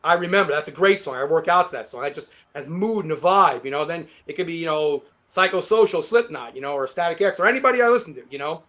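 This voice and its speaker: High-voiced New man telling stories. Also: lively intonation, quick pace, few pauses, fairly bright tone. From New York. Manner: swearing, rambling storyteller who laughs often. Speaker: guest guitarist. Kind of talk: casual interview chat.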